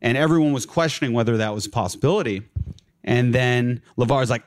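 A man's voice: medium pitch, brisk. A young man telling a long personal story in a casual chat as a guest, full of fillers like "like" and "uh". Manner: rambling, filler-heavy, laughs through his stories.

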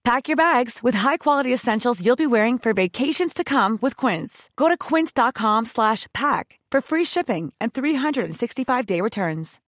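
A woman's voice: fairly high pitch, animated, normal speed, hardly any pauses, a bit bright, no room sound, studio quality. A woman giving a polished, upbeat scripted ad read. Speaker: ad reader.

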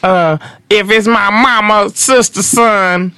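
A man voicing a strung-out neighborhood man with a weird high voice, halting and repeating himself as he pleads. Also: fairly even intonation, sharp tone, clear, resonant tone, no room sound, clean studio sound, heavily acted. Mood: pleading.

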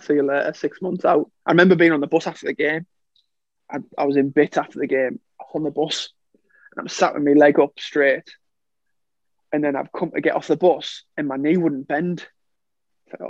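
A former footballer, a young man with a fairly high voice, recounts his playing days at a moderate pace during a relaxed podcast chat. He laughs easily and acts out quoted lines, and the sound is dry, a little dull, with no echo.

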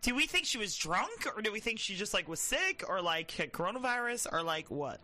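A woman's voice: medium pitch, very animated, a little fast, bright, forceful tone. A woman co-hosting a casual show, teasing her co-hosts, swearing freely and laughing often. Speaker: co-host. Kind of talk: casual banter over video clips.

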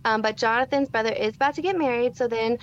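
A woman's voice: fairly high pitch, quick pace, lo-fi sound. A woman in her thirties co-hosting a podcast, chatting animatedly and acting out her own reactions. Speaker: podcast co-host. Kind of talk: casual chat.

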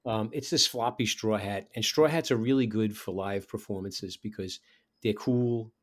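A man's voice: lowish voice, moderate pace. A man from New York with a borough accent, chatting casually as a musician and mimicking people in his stories. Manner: animated storyteller who mimics people he knew. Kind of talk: casual chat.

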